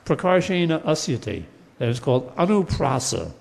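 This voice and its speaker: A man gives a classroom lecture in a somewhat high voice. His words ring out with the long reverb of a big hall. He explains patiently, chants verses now and then, and often restarts his sentences with filler words. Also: sing-song, moderate pace, vocal fry, a little mellow. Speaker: teacher of Sanskrit poetics.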